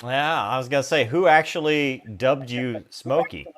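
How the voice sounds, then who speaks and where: A man's voice: mid-range voice, normal speed, a bit bright, slight background noise. A man hosting a live interview show over a video call, enthusiastic and casual. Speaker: podcast host.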